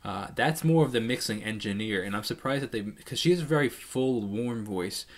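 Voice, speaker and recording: Speaking at a normal speed in an animated, somewhat low voice, a male musician reacts to a live song. Into a studio microphone with a pop filter, he casually analyzes the mix and vocals, explaining as he goes and restarting many times, while the song plays faintly.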